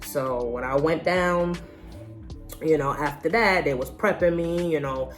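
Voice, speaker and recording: A young woman with a notably deep, low voice tells her own story straight to the camera. Her talk is candid, slangy and conversational, like a casual vlog. Soft music plays faintly behind her. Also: unhurried. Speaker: vlogger.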